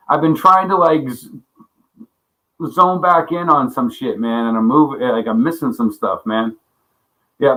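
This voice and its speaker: A man's voice: on the high side, a bit bright, low-quality recording. A man hosting a casual livestream chat, rambling and swearing a lot, often laughing as he greets viewers by name. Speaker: livestream host.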